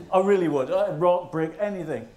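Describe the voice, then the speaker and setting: A minister spins a self-mocking story from the pulpit, his voice a touch higher than most men's. The sermon echoes around a roomy church. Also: normal speed, darkish tone.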